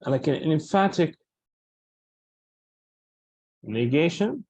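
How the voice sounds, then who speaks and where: A man teaching Arabic grammar in English. He recites Arabic verses quickly and explains them with many fillers and restarts. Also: fairly high pitch, expressive, darkish tone, husky, dry recording, low-quality recording. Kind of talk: recorded lesson explaining grammar.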